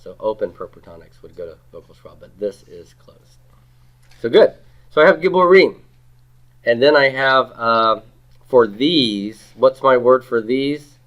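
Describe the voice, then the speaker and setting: A man's voice: medium pitch, expressive, measured pace. A man teaching a grammar class, asking students questions, repeating their answers and leading them in saying words aloud. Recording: slightly dull lo-fi classroom recording.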